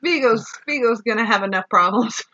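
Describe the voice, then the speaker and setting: A woman co-hosting a podcast, recapping a movie in animated, casual chat and swearing freely. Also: fairly high pitch, a little fast, highs cut off. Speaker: podcast co-host.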